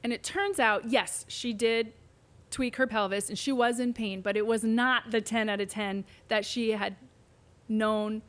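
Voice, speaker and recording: Brief: female therapist guest, fairly high voice, lively storyteller who voices her patients. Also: a little slow. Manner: animated, acts out quoted voices. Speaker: pelvic physical therapist, guest. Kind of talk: conversational storytelling interview.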